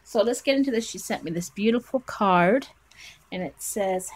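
A woman's voice: medium pitch, normal speed, husky, low-quality recording. A woman vlogging from her bedroom as she unboxes a craft parcel, gushing with gasps and exclamations. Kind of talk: casual unboxing vlog. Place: at home in a bedroom.

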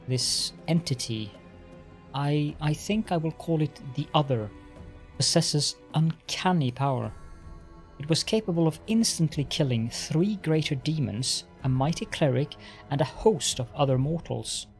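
A man reading the lines of a shaken, grave male inquisitor from a fantasy game, who stumbles and repeats words. Soft music plays under him. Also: fairly high pitch. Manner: halting, stammers over words.

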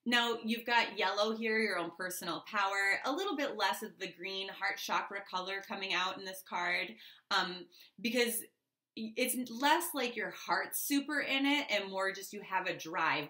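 A woman's voice: mid-range voice, expressive, moderate pace, bright, forceful tone. A woman giving a casual tarot reading to the camera, chatty and loose with lots of fillers and asides. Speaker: tarot reader. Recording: echoey room.

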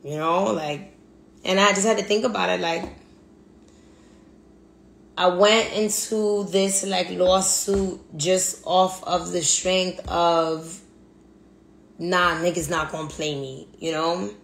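A woman's voice: on the low side, fairly even intonation, slow pace, gravelly. A woman venting in a blunt, profane monologue, repeating herself for emphasis. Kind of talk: angry monologue rant. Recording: echoey room, faint background hum.

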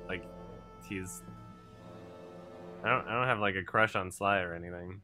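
Low-voiced joking male streamer. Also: fairly even intonation, normal speed. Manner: joking, crude, laughing asides to chat. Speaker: game streamer. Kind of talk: casual gameplay commentary. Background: game music.

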